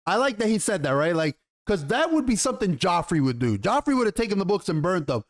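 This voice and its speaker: A man giving a casual, excited review of a TV episode, rambling and swearing casually as he goes. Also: sits high, quick pace. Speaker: TV show reviewer.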